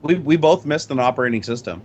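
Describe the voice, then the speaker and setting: A man co-hosting a casual tech talk show, talking quickly and cracking jokes. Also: medium pitch, lively intonation, a little mellow, highs cut off. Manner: quick, wisecracking. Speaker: co-host. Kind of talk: casual tech podcast chat.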